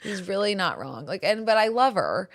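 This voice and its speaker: A woman in her thirties hosting a podcast, telling animated family stories with frequent laughter. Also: medium pitch, moderate pace. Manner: animated storyteller, laughs often. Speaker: podcast host. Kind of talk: casual chat.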